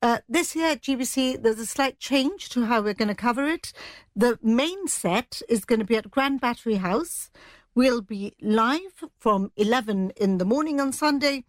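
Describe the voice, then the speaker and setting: A woman's voice: fairly high pitch, lively intonation, no room sound. Chatty newswoman, dry studio mic. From Gibraltar. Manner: brisk, chatty, mixes in Spanish phrases. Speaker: news editor. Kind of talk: radio news chat.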